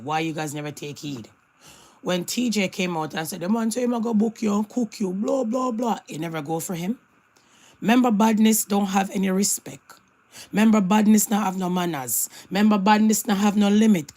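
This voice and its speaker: A commentator with a mid-pitched voice who talks emphatically, drives points home through repetition and mixes in patois phrases. The delivery is steady opinion commentary. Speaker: online commentator.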